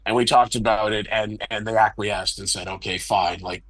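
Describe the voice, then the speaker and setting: Animated middle-aged man telling stories. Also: fairly low pitch, normal speed, no room sound, rough recording. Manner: animated, self-deprecating, acts out quotes. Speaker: wrestling promoter guest. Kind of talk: candid storytelling interview.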